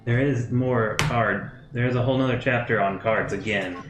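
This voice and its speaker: A man's voice: medium pitch, steady tone, normal speed. A man co-hosting a live board game stream, chatting casually and reading rules aloud with a playful, grumbling manner. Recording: roomy echo with music behind. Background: music.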